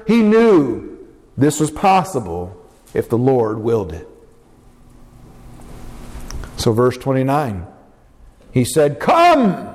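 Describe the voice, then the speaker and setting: A high-voiced man delivers a sermon in a lively, theatrical way. His voice leaps up when he acts out the lines he quotes. A long hall reverb trails behind every phrase. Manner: animated, acting out quotes with big pitch jumps. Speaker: preacher.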